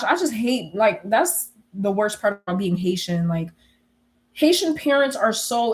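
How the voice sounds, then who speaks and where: A young woman telling stories in a casual, animated way, swearing freely and laughing often. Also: fairly high pitch. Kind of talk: casual storytelling chat.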